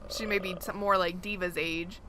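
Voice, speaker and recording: A woman co-hosting a podcast in casual chat, animated and quick to laugh. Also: lowish voice, noisy background. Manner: animated, laughs often, talks in bursts. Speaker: podcast co-host.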